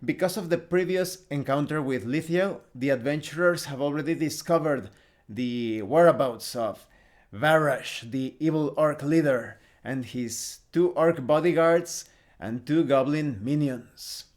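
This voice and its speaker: Speaking at a measured pace, a man with a somewhat high, slightly mellow voice runs a solo tabletop game tutorial as host and lone player. He lays out the rules and narrates the action step by step, with small restarts here and there.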